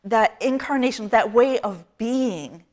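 A woman's voice: on the high side, expressive, a little slow, a little mellow. A middle-aged woman priest preaching a conversational sermon, self-deprecating and often laughing.

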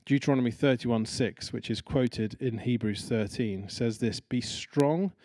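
A preacher gives a sermon in a relaxed, chatty way, taking his time and slipping into different voices to act out the story's quotes. His pitch is an ordinary middle one, his tone mellow and warm. The recording is dry and close, with no echo from the room.

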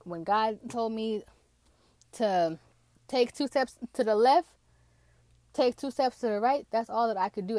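On a dry recording, a young woman's mid-range voice tells her faith testimony. Her delivery is relaxed yet emotional and excited, with "like" coming up again and again.

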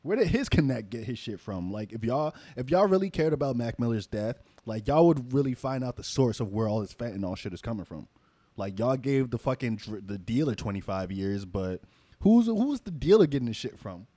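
Male podcast co-host, lively swinging pitch, dry close mic, casual slangy banter. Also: a little fast, dry recording. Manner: animated, swearing, lively slang. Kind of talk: casual chat.

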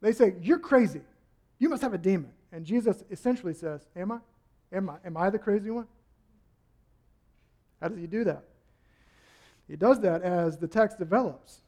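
A male pastor preaching a sermon, acting out quotes and building to shouts. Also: high voice, moderate pace, long pauses. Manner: animated, acts out quotes with rising shouts.

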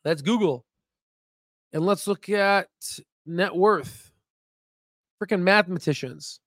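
Male investing host with a higher-than-usual pitch, dry sound; emphatic, rambling, self-promoting commentary. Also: slow, a bit bright, no echo. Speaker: stock market video host. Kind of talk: casual screen-share commentary.

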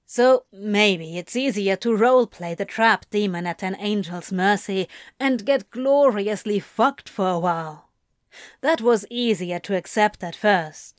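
A lazy, teasing male demon, as a woman reading aloud puts him on, drawling his words. His delivery is slow and unhurried, close to the reader's own voice. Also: mid-range voice, no echo, natural voice. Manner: drawling, relaxed.

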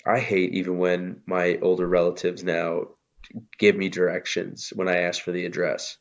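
Deep-voiced man on a dull lo-fi mic. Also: monotone, normal speed, gravelly. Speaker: podcast co-host. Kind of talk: casual podcast banter.

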